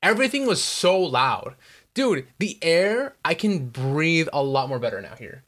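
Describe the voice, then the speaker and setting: A young man co-hosting a podcast, telling stories in casual chat, animated and swearing, saying "dude" a lot. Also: fairly high pitch, measured pace. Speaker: podcast co-host.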